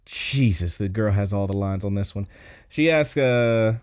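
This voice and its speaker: A man's voice: fairly low pitch, a little slow, a little mellow, smooth. Laid-back swearing podcast guy. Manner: laid-back, swears freely, chuckles often. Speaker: podcast host. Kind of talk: casual episode recap.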